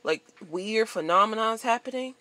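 A woman vlogger venting to camera in a blunt, profane, animated monologue. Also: fairly high pitch, normal speed.

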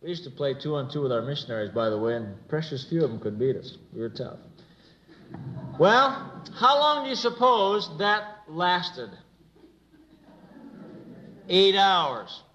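Bright-voiced man telling a lively sermon story. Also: a little high, unhurried, long pauses, lo-fi sound, slight background noise. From United States. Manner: animated storytelling with humor. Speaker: church speaker. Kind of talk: motivational sermon.

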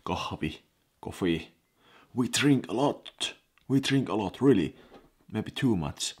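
Finnish man, low and husky, teaching casually. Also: animated, slow. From eastern Finland. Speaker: language teacher vlogger. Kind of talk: casual video lesson. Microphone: action camera mic.

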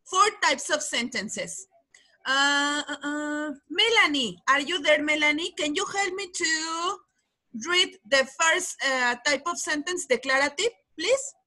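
Woman, English teacher, high voice, patient, video call. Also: lively intonation, bright, forceful tone. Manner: patient, explains slowly, repeats key words. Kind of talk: online class lesson.

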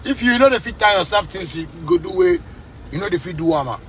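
Ranting to camera from a car, this musician vlogger from Ghana uses fiery, repetitive street talk in a Ghanaian Pidgin English accent. He speaks fast in a high-pitched, slightly bright voice with lively intonation.

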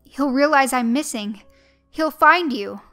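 A woman voicing a terrified young woman held captive, crying out high and loud. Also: extremely slow, faint music behind. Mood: defiant. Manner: high, loud, desperate cries.

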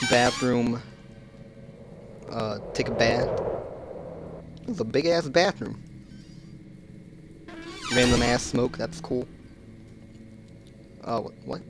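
A man narrating his own playthrough of a horror game, joking and swearing in a slow, drawn-out way. He jumps into sharp yelps when something startles him. A faint hiss sits under the recording. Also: medium pitch. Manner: casual, joking and cursing, jumpy, bursting into loud yelps. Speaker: gaming channel host. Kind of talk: horror game let's play commentary.

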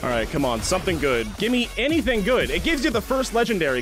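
A young man hosting a satirical gaming vlog, acting like an over-the-top hyped youtuber, then dropping into deadpan mumbles. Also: high voice, fast talker, soft background music. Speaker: gaming video host.

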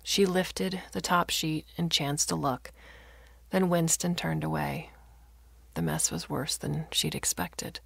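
Low, creaky woman narrating a story. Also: steady tone, a bit bright, no echo, clean studio sound. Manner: measured storytelling with voiced dialogue. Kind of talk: scripted narration.

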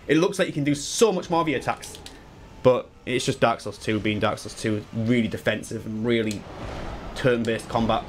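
A man in his twenties chatting casually and excitedly while playing through a game, swearing freely and wandering into asides. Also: mid-range voice, a little hiss or hum. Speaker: gaming YouTuber. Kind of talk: live speedrun commentary.

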